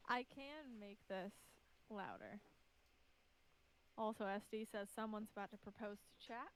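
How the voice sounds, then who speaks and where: A woman's voice: medium pitch, unhurried, slight background noise, low-quality recording. A woman guest on a podcast, patiently walking the host through stream setup in casual chat. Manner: patient, step-by-step instructing. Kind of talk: casual chat giving tech instructions.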